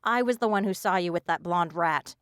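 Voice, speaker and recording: A woman's voice: on the low side, a little fast, fairly bright tone, smooth, no room sound, clean studio sound, close to an everyday voice. A woman doing a whiny, spiteful teen girl.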